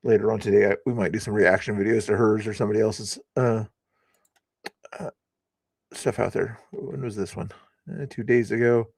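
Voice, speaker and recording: A man's voice: fairly low pitch, fairly even intonation, normal speed, vocal fry, long pauses, a little mellow, husky, no room sound. A man hosting a live news commentary stream, speaking in a sarcastic, scoffing way.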